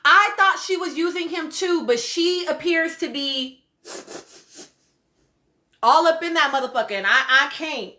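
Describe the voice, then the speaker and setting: A woman's voice: high voice, unhurried, long pauses. A woman hosting a casual reality-show recap livestream, talking bluntly and profanely. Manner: blunt, profane, animated commentary with laughs. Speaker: podcast host.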